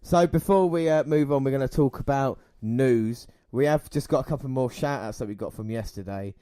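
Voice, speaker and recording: A man co-hosting a casual podcast, chatting and reading news and listener shout-outs. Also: medium pitch, fairly quick, no room sound. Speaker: podcast co-host.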